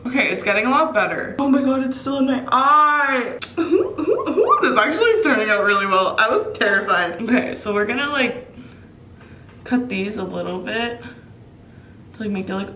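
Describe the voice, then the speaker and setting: A woman's voice: medium pitch, pushed and bright, slight background noise. Giggly nervous woman vlogging at home. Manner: nervous, giggly, exclaiming often. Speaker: beauty vlogger. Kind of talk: casual vlog chatter. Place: room at home. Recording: echoey room, mic a bit distant.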